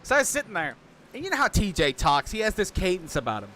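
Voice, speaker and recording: A man giving casual commentary on an online race, telling stories with growing excitement. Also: high-pitched, fast, a little hiss or hum. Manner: excitable storyteller, voice jumps up when thrilled.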